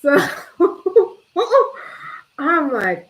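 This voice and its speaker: Chatty young woman, low voice. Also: unhurried, long pauses, rough recording. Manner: chatty, swears freely, lots of "like"; spiritual talk of energy and vibes. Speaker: vlogger. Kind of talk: casual storytelling to camera.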